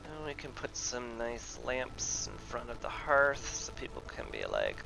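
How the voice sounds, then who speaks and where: Gravelly man musing over a game. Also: medium pitch, huge pitch swings, bright, forceful tone. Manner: musing aloud, playful asides, drawn-out fillers. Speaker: video game player. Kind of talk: casual game commentary.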